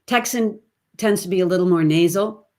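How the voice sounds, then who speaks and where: Her voice is on the low side with a darkish tone, moving at a normal speed. She's a voice teacher leading an online webinar lesson over a computer mic, chatty and explanatory, and she demonstrates sounds and sung bits mid-explanation.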